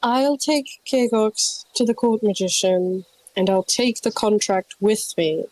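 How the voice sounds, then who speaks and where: A woman's voice: mid-range voice, takes it slowly, darkish tone, no room sound, rough recording. A woman playing a tabletop game, planning aloud and asking questions in casual chat.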